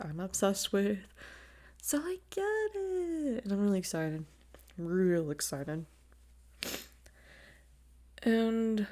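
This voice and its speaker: In a medium-pitched, slightly mellow voice, a young woman runs her own casual podcast. She gushes, laughs frequently and swears in passing, using a new desk microphone that lacks a windscreen.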